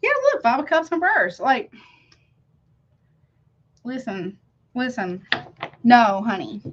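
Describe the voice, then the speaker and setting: A woman gives a casual tarot reading in a slightly high voice, talking emphatically with plenty of slang. She keeps checking in with the listener as she goes. The recording sounds a little dull and lo-fi. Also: sing-song, slow, a little hiss or hum. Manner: emphatic, slangy, keeps asking "you see what I'm saying?". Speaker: tarot reader.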